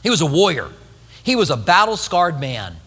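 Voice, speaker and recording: Male pastor, sermon, animated storytelling, crisp bright tone, church hall reverb. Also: fairly high pitch, normal speed. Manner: animated storytelling with acted-out quotes.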